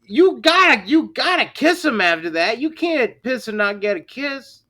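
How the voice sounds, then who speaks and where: A man co-hosting a crude comedy podcast, telling stories with animated delivery and dropping low for quoted voices. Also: normal speed. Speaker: podcast co-host.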